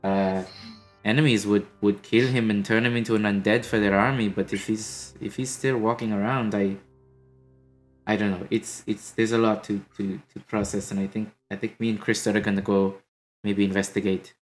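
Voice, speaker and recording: A man voicing a worried, guilt-ridden woman adventurer in a tabletop game, speaking haltingly with many restarts. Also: fairly low pitch, little pitch movement, faint music behind, lightly acted. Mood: worried, guilty.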